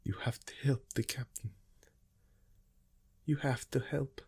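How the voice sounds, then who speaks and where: A man voicing a desperate young mother who pleads in halting broken English. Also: mid-range voice, steady tone, darkish tone, slightly rough, whispered, pitched above the performer's own voice, exaggerated voice. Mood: pleading, distraught.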